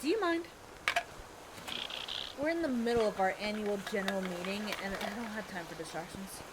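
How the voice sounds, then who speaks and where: A woman's voice: medium pitch, moderate pace, very noisy, natural voice. A woman voicing a pompous crocodile boss in a detective game, talking in a bossy, officious way.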